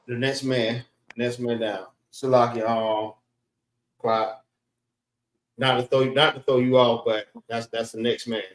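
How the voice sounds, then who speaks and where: A man teaching a class in a casual, drawn-out way, often checking in with "all right?". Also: mid-range voice, flat delivery. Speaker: class instructor. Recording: echoey room.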